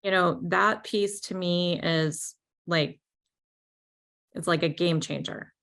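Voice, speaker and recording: A woman's voice: lowish voice, steady tone, slow pace, gravelly, a bit bright. A woman consultant talking casually on a business podcast, chatty and full of fillers. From New York. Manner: chatty, many "like" and "right?" fillers.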